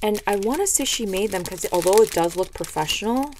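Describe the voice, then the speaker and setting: A woman's voice: medium pitch, lively intonation, brisk, background noise. A woman hosting a craft vlog, gushing and rambling as she unboxes a package of handmade gifts. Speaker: craft video host. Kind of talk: casual unboxing chat.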